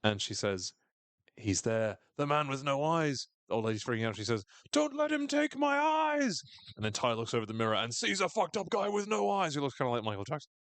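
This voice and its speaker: Male podcast co-host, mid-pitched, jokey and animated, dry close recording. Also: fast talker, no room sound. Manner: animated, jokey, acts out quotes in silly voices. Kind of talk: casual recap chat.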